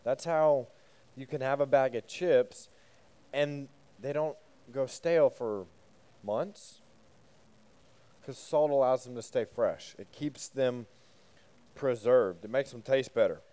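A man's voice: medium pitch, slow pace, pauses often, mellow. A man, a youth pastor, giving a casual sermon to a group, asking them questions and joking between points. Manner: conversational, asks the group questions, joking asides.

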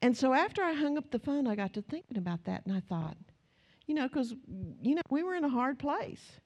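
Woman preaching a lively, conversational sermon. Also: sits high, a little fast, muffled recording. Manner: storytelling, conversational, rising to emphatic repetition.

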